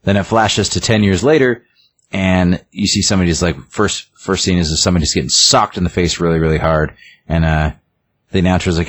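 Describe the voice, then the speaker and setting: A man's voice: low voice, steady tone, fairly quick. A man casually retelling a film's plot, rambling, with many fillers and restarts. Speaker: storyteller retelling a film. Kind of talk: casual chat.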